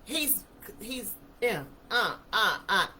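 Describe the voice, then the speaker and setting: Telling a personal story to an audience, a woman in her fifties speaks vividly and emphatically in plain, everyday language as testimony. Her voice is medium in pitch, animated, slow and sharp, with soft music behind her and poor audio.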